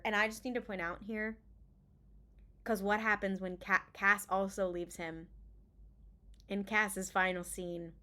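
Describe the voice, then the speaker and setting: A woman co-hosting a podcast, recapping an episode in a casual, animated way and acting out the characters' lines, swearing freely. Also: mid-range voice, unhurried, long pauses. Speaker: podcast co-host.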